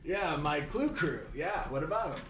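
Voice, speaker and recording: A man's voice: fairly high pitch, expressive, moderate pace, fairly bright tone, voice pushed up. A man voicing a laid-back dragonborn man with an easygoing, drawling manner. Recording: roomy, distant mic, noisy.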